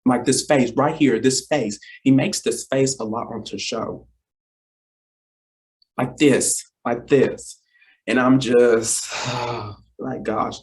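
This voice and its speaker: Casting: young man in his twenties, unhurried delivery, playful rambling vlogger tone, keeps addressing the viewers. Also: medium pitch, steady tone. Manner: rambling, repeats himself, often addresses "you guys"; playful, teasing then apologetic. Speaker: vlogger and talk show co-host. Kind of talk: casual talk to camera.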